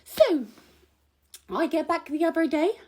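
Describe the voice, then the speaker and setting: High-voiced, chatty, indignant woman. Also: lively intonation, measured pace, a little mellow. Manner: chatty, indignant, rambling and gossipy. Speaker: comic vlogger. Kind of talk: comic monologue to camera.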